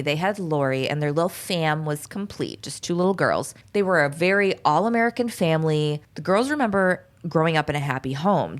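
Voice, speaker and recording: Brief: woman host, lowish voice, casual true-crime narration, wry asides. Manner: chatty, quick to laugh, sarcastic asides. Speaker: podcast host.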